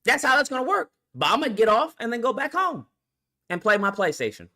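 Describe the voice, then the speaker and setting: A man's voice: extremely high pitch, very animated, a little fast, pushed and bright. A man vlogger ranting bluntly and profanely in a commentary video, full of rhetorical questions.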